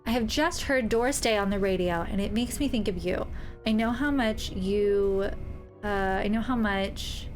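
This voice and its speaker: A young woman streaming a story game, reading letters aloud and gushing over them between lines. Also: mid-range voice. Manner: gushing, reads letters aloud with quick asides. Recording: faint music behind, slightly staticky audio.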